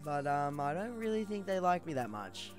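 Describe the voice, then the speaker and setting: A man's voice: on the high side, sing-song, moderate pace, faint music behind. A man co-hosting a casual gaming stream, rambling and swearing in mock-scolding banter. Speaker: podcast co-host.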